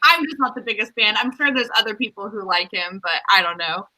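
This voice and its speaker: A woman's voice: medium pitch, lively intonation, a little fast, sharp tone, a little hiss or hum, poor audio. A woman chatting casually over a video call, playful and teasing, with a chatty flow. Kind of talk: casual chat.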